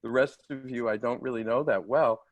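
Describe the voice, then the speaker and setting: A man's voice: mid-range voice, fairly even intonation, brisk, dry recording, dull audio. A man who is a guest on a video chat, talking hesitantly with many restarts. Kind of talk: casual chat.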